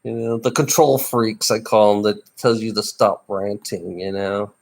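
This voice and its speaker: A tired middle-aged man livestreaming alone, ranting bitterly and swearing, with rough laughs between complaints. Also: fairly low pitch, fairly even intonation, unhurried. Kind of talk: ranting live stream monologue.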